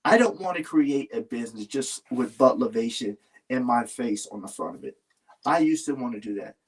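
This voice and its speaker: A man's voice: medium pitch, lively intonation, moderate pace, slightly rough. A man talking earnestly in a casual heartfelt conversation, rambling and restarting his sentences. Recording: voice a little far from the mic.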